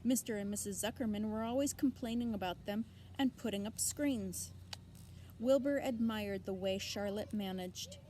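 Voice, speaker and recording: A woman's voice: medium pitch, normal speed, warm tone, a little hiss or hum. A woman teacher reading a children's novel aloud expressively, with asides to her listeners.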